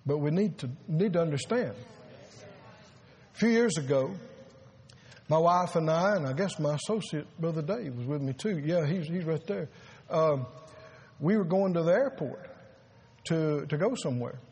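A man preaching a sermon as pastor, earnest and halting, repeating words and rising to emphasis. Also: on the high side, expressive, darkish tone.

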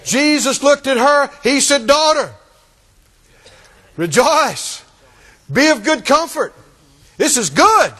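Male preacher, very high and animated delivery, emphatic repetition, long church reverb. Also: takes it slowly, pauses often. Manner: emphatic, repetitive, call-and-response. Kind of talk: sermon.

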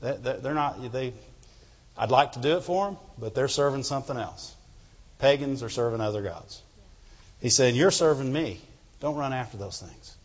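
A man's voice: mid-range voice, animated, normal speed. A man preaching a sermon as pastor, fervently calling out "Amen?" to the congregation. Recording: reverberant hall, dull lo-fi sound.

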